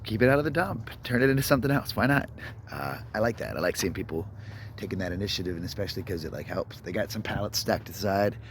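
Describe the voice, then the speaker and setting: A man's voice: deep voice, lively intonation, quick pace, slight background noise. A man vlogging outdoors, talking casually and reflectively to his phone, sometimes dropping to a near whisper. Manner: rambling, reflective, drops to a near whisper at times. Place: outdoors behind a store at dawn. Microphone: phone held to self.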